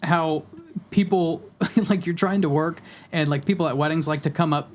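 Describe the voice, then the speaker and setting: A man hosting a casual podcast conversation, laughing often and halting with fillers as he retells stories. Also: on the high side. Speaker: podcast host.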